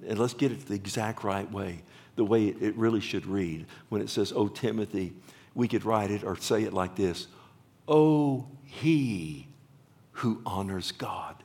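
A man preaching a sermon with passion, swinging from loud exclamations to hushed, whispered lines. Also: on the low side, creaky. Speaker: pastor.

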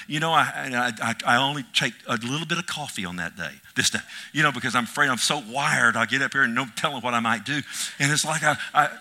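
Male pastor, fiery sermon, loud bursts to whispers. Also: mid-range voice. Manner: impassioned, swinging from loud cries to hushed whispers.

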